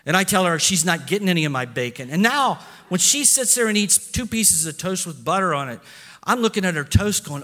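A man's voice: sits high, big pitch swings, brisk, bright, forceful tone. A man preaching a sermon as pastor, building emphasis and acting out quotes in his own voice. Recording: long echo of a large hall.

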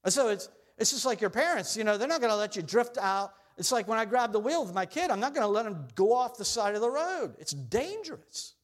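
Speaking in a somewhat high voice, a middle-aged pastor preaches earnestly, getting loud and high on scripture quotes and dropping low and soft when he questions his listeners. His plain, direct delivery has a few restarts, big pitch swings, a fairly quick pace and hardly any pauses.

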